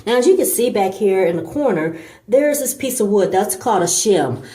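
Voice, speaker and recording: A woman's voice: medium pitch, expressive, moderate pace, warm tone. A woman talking casually through a home repair job in a small bathroom, rambling with fillers and restarts as she works. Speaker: DIY home improvement vlogger. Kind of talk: casual how-to narration.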